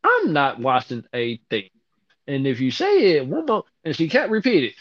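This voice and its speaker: A man's voice: moderate pace, no echo. A man telling a long, profane story to listeners, acting out the quotes with sudden jumps in voice. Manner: animated, profane, acts out quotes with big pitch jumps. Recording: dull lo-fi audio.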